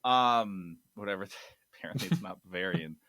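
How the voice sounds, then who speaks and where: Animated male gaming podcast host. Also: on the low side, normal speed, no echo, studio quality. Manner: animated, hyping news items with loud bursts. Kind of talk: casual chat.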